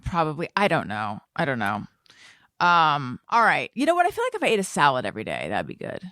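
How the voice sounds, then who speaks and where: A woman's voice: low voice, huge pitch swings, a little fast, sharp tone, no echo, clean studio sound. A woman hosting a podcast, chatting casually and telling amused stories. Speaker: podcast host. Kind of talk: casual chat.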